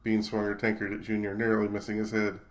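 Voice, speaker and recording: A man's voice: on the low side, completely flat delivery, fast. A man reading his own short story aloud in a casual, unpolished way, stumbling and correcting himself. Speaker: author and reader.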